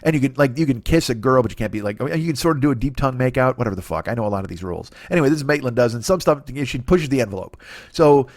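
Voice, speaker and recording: A man in his forties rattles through a crude solo comedy riff at a quick clip. He keeps cutting himself off and tossing in brief silly voices. The sound is dry and close, with no room around it. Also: medium pitch, expressive, darkish tone, dry recording. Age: 40s. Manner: rambling, crude, self-interrupting, acts out quick voices. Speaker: comedy podcast host. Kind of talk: solo comic monologue.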